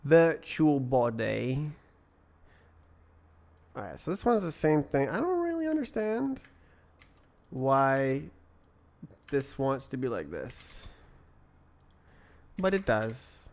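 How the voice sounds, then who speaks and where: A man's voice: mid-range voice, huge pitch swings, slow, vocal fry, pauses often, a little mellow. A young British man live-coding on stream, thinking aloud in a casual, puzzled way and answering his chat between mutters to himself. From Britain.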